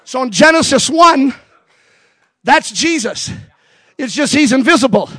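A male pastor preaching a sermon at a camp meeting, building from quiet teaching to shouted calls. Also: extremely high pitch, animated, unhurried, dry recording.

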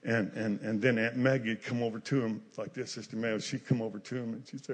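A man preaching a storytelling sermon who goes from shouted lines to quiet, chatty asides. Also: medium pitch, steady tone, fast talker, hardly any pauses, slightly rough. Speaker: pastor. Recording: hall reverb.

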